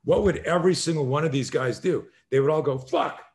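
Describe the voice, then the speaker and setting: A man in his sixties, a self-defense instructor, telling stories in an energetic conversational way, acting out scenes with sudden shouted exclamations and frequent swearing. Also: fairly high pitch, fast. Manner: energetic, emphatic, rambling explanations. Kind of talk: animated conversational storytelling.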